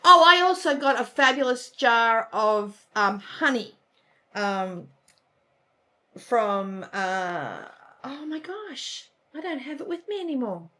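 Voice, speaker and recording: A woman's voice: a little high, very animated, takes it slowly, pushed and bright. A woman co-hosting a casual crafting chat, gushing and chatty, often trailing off mid-sentence. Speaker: co-host of a cross-stitch channel.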